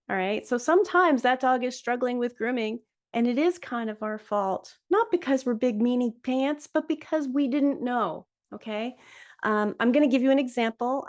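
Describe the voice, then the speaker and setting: A woman in her fifties, a dog groomer hosting a podcast, talking frankly and chattily in casual solo talk. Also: fairly high pitch. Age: 50s. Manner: frank, chatty, with fillers and laughs.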